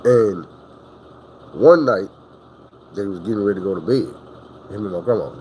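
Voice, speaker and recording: A man's voice: fairly low pitch, animated, moderate pace, lo-fi sound, a little hiss or hum. A man telling a story in a casual, profane, rambling way.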